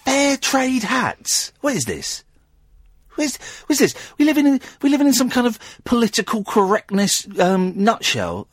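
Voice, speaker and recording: A middle-aged man hosting a late-night radio phone-in, his voice slightly husky and sitting a little high. He swings his pitch all over the place as he rambles and jokes with mock indignation. The studio sound is close and dry. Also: wildly swooping pitch, normal speed, dry recording. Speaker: radio host. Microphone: studio mic.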